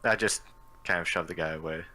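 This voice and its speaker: A man's voice: low voice, fairly quick, bright, forceful tone, slight background noise. A man playing a tabletop game over online voice chat, dry and matter-of-fact. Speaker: player.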